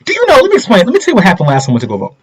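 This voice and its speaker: A man's voice: high voice, huge pitch swings, racing, slightly rough, poor audio. A middle-aged man hosting a casual political commentary livestream, talking straight to viewers and asking them rhetorical questions.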